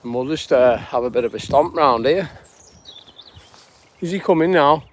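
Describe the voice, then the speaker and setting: Background noise accompanies this man's mid-range voice as he talks at a moderate pace, often pausing. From northwest England, he's live-streaming a rambling walk through fields, greeting viewers and reflecting on life.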